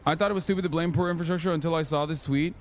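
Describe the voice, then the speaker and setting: A man's voice: on the high side, steady tone, racing, slight background noise. A man livestreaming political commentary, ranting emphatically and swearing freely.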